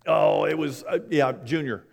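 A man preaching a sermon, telling folksy stories and swinging between hushed and loud, animated delivery. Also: fairly high pitch, moderate pace, vocal fry. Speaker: pastor. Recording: long hall reverb.

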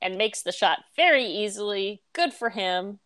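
A woman's voice: medium pitch, expressive, normal speed, a bit bright, no room sound. A woman narrating as game master of a tabletop game, casual and laughing often.

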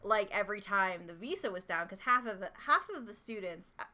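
An American woman in casual chat, animated and laughing, with lots of "like" in her speech. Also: medium pitch, brisk. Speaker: friend in conversation.

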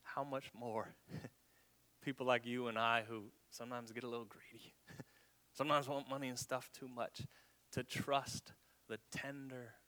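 A male pastor preaches a sermon in a medium-pitched, flat, unhurried voice that sounds a bit bright. He often stumbles, repeating words while hunting for them, and drops dramatically to a whisper.

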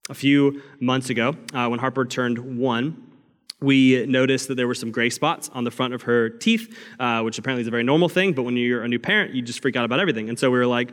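A young man preaching a sermon as a pastor, telling a family story and sometimes shouting quoted cries. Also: mid-range voice, quick pace. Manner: storytelling, rising to loud acted cries. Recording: long reverb of a large hall.

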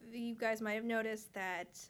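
A woman's voice: fairly high pitch, fairly even intonation, normal speed. Giggly woman from the West Coast. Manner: warm, giggly, enthusiastic. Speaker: podcast co-host. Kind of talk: casual movie discussion.

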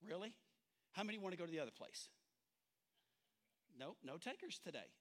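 A man's voice: high-pitched, big pitch swings, fairly quick. A male pastor preaching a sermon in a church sanctuary, talking conversationally and drawing the congregation in with questions and jokes.

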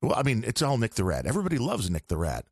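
A man's voice: mid-range voice, huge pitch swings, rapid-fire, breathy edge, no room sound, studio quality. A man guesting on a podcast, chatting casually and rambling on about audio gear.

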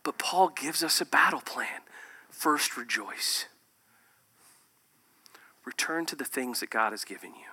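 A man preaching a sermon, swinging between loud emphatic bursts and hushed, near-whispered lines. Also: a little high, animated, a little fast, vocal fry, hardly any pauses, slightly rough. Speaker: pastor.

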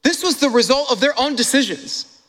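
Male pastor, sermon, high voice, lively asides to the congregation, long hall reverb. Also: normal speed. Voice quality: animated, talks straight to the congregation with asides and laughs.

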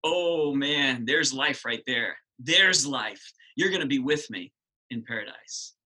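Man doing Jesus on the cross, lower, emphatic, reassuring, husky. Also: lively intonation, takes it slowly, sharp tone, exaggerated voice, rough recording. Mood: assuring. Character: Jesus on the cross, tender and assuring.

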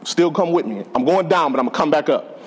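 A man's voice: on the high side, animated, quick pace, slight background noise. A man preaching a sermon in a conversational, joking way to a church congregation. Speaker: pastor.

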